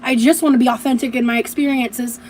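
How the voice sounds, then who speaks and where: A woman speaks on a livestream in a tired, aggrieved, defensive tone. Her voice is high for a woman. There is a faint layer of noise under the recording. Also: fairly even intonation, fast talker, darkish tone. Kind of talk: livestream monologue.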